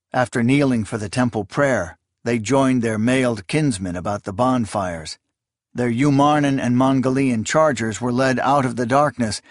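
A man reading a fantasy novel aloud as narrator, in a measured, steady storytelling delivery. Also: medium pitch, no room sound, studio quality. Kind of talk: scripted audiobook narration.

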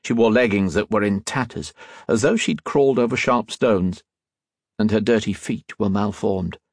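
The audiobook is read by a man whose voice is on the low side, using a measured, expressive storytelling approach. It's a dry recording with clean studio sound.

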